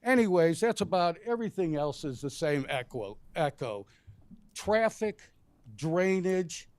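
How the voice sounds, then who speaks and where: A man's voice: a little high, lively intonation, a little slow, darkish tone, clean tone, no room sound. A man resident speaking bluntly and indignantly during public comment at a city commission meeting. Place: city council chamber.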